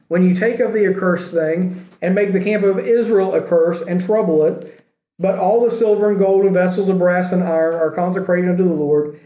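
A man's voice: sits high, mellow, reverberant. A man preaching a sermon as pastor, acting out the words of quoted speakers in his own voice.

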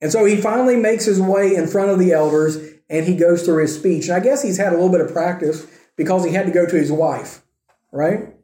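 Man preaching a casual storytelling sermon, rather high, mellow voice, echoey church. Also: brisk. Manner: conversational storytelling with rhetorical questions.

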